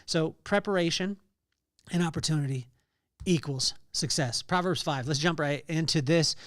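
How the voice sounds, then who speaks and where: A man's voice: fairly high pitch, moderate pace, a bit bright, no echo, studio quality. A man hosting a podcast, giving a conversational devotional talk on scripture with many fillers and restarts. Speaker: podcast host.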